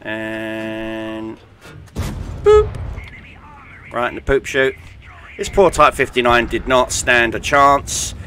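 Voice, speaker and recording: Narrating gameplay, a young British gaming YouTuber jokes around chattily with many ums and uhs. He speaks slowly with long pauses and big pitch swings in a bright, forceful, medium-pitched voice, over a little hiss or hum.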